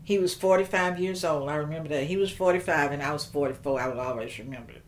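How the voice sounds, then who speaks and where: An older woman, telling a personal story in an interview, slow and reflective with halting restarts. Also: sits low, a little hiss or hum.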